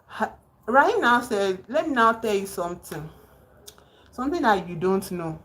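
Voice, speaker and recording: A woman hosting a casual livestream, excitedly retelling a novel's plot with emphatic outbursts. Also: mid-range voice, moderate pace, rough recording. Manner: excited, emphatic storytelling with sudden exclamations. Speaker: livestream host. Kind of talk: casual livestream chat about a book. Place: home.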